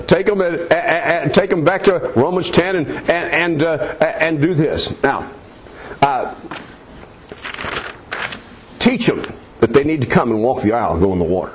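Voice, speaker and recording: A man's voice: fairly high pitch, expressive, normal speed. A man preaching, leading a listener through a prayer in an earnest, coaxing, repetitive way. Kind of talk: soul-winning demonstration.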